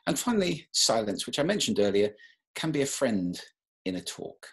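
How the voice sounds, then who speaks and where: Male presenter, husky and raspy, demonstrative delivery for a talk. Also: medium pitch, very animated, moderate pace, a bit bright. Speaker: webinar speaker.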